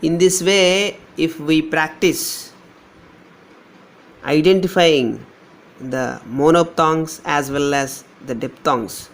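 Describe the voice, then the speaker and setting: Male English teacher, Telugu-Indian accent, slightly high gravelly voice, slow deliberate sound drills. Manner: slow, drawn-out modelling of each sound, repeating words. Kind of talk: pronunciation lesson.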